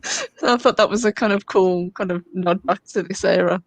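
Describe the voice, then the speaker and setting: A woman speaking as a podcast guest in an easygoing, engaged way. Her voice sits at an ordinary pitch. The recording is dry and close, with no room sound around it. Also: normal speed, no room sound. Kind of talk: casual chat.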